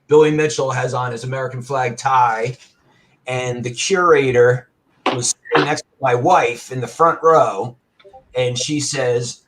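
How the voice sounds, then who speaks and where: A man telling a story with animation and a loud, bellowing voice at times, as a guest on a talk show. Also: mid-range voice, steady tone, a little slow. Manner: loud, bellowing when acting out his anger. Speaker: arcade owner and guest.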